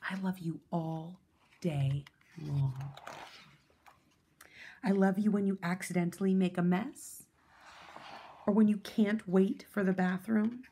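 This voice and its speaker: Slow, gentle woman reading a picture book. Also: fairly low pitch, slight background noise. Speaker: storyteller. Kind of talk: children's picture book read-aloud.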